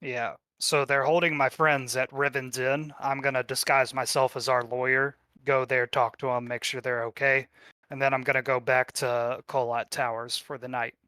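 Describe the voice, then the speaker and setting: Relaxed game master with a dry sound. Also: male voice, mid-range voice, normal speed, smooth, no room sound. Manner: relaxed storytelling with fillers. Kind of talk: narrating a tabletop game.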